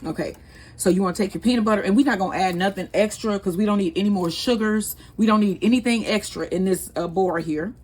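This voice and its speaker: A woman's voice: medium pitch, quick pace, a little mellow, slightly rough. A woman, chatting casually and rambling as she hosts a home cooking vlog. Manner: chatty, rambling, laughs easily. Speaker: cooking channel host.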